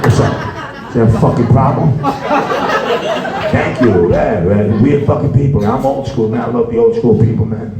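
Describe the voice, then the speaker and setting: Rambling profane New comic, echoey club. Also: male voice, medium pitch, normal speed. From New York. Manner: rambling, profane, peppered with "you know". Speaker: stand-up comedian. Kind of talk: stand-up comedy set. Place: comedy club with a live audience. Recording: echoey club with loud crowd.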